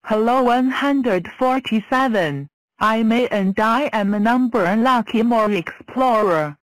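Cartoon number block, female voice, higher pitched, very slow, dry. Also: dry recording, rough recording. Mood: plain. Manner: slow, flat self-introductions. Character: cheerful talking number block.

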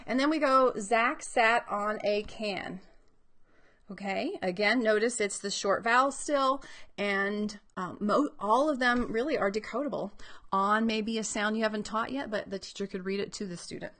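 Woman educator, mid-pitched, upbeat and explanatory, teaching talk on children's readers, thinks aloud. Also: moderate pace, a bit bright. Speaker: reading educator.

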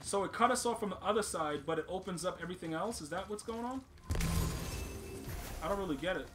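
A man's voice: sits high, lively intonation, fast talker. A man hosting a gaming channel, giving casual gameplay commentary with hyped, slang-heavy banter.

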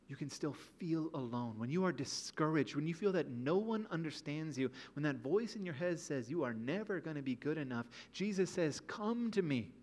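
A man's voice: mid-range voice, a little mellow. A man preaching a sermon as pastor in a church, earnest and building to emphatic passages. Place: church sanctuary.

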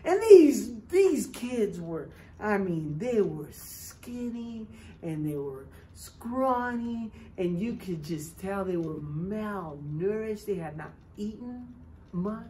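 A woman telling a missionary story to children at church, with animated and dramatic shifts in loudness. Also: sits high.

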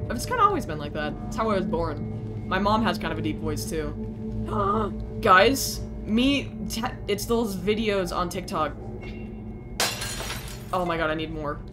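A young woman streaming a video game, reacting excitably, joking, swearing and chatting with her viewers. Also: fairly low pitch, unhurried, rough recording. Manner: excitable, jokey, swears freely, talks to chat. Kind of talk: live gameplay commentary, chatting with viewers. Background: game music.

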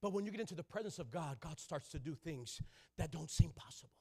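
A man preaching a sermon in a church, calling out to the congregation and rising into loud shouting. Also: fairly high pitch, animated, quick pace, slightly rough. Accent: Southern California. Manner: call-and-response preaching, building to loud shouting. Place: church sanctuary.

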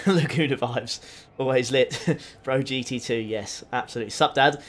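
A man's voice: medium pitch, moderate pace. A young man streaming a racing game, chatting casually and answering his live chat as he drives, into a desk mic at home. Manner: chatty, reads out and answers chat messages while driving. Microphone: desk USB condenser mic.

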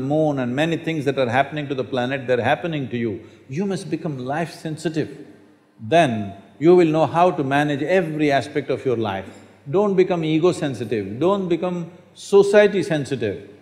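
A man's voice: fairly high pitch, darkish tone. An older man giving a spiritual talk to an audience in a hall, telling stories and asking the audience questions. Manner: storytelling, asks the audience questions. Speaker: spiritual teacher.

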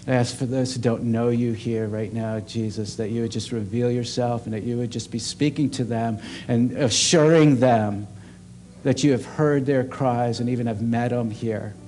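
A man's voice: mid-range voice, fairly even intonation, normal speed, dark tone. A man preaching a sermon as a pastor at a church service, earnest and emphatic.

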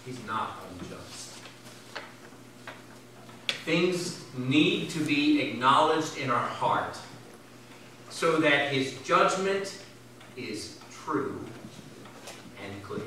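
A man preaching a sermon as pastor, swinging from loud emphatic bursts to low, quiet asides. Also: very animated, very slow, long pauses, slight background noise. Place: church sanctuary. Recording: very echoey church from far off.

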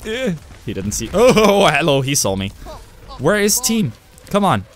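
A young man giving excitable live gameplay commentary, with loud outbursts and swearing. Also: on the high side, normal speed. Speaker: gamer streamer.

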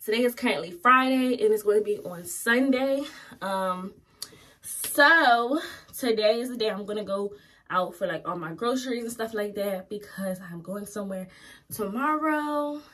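A woman's voice: medium pitch, animated, normal speed, fairly bright tone. A young adult woman talking casually to her vlog audience about her plans for the day, loose and chatty with plenty of "um" and "y'all". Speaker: vlogger. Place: at home, then out running errands. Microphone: phone or camera held close.

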